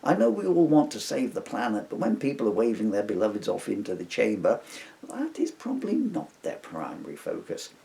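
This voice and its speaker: A man's voice: lowish voice, wildly swooping pitch, a little fast, vocal fry, warm tone, full character voice. A man voicing a stiff, mildly disapproving male funeral parlour interviewer with an English accent. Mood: doubtful.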